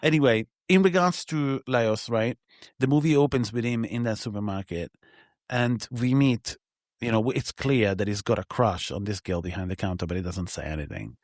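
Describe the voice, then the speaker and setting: A man co-hosting a film podcast in casual conversation, animated, laughing through his stories and swearing often. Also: lowish voice, normal speed, no room sound, clean studio sound.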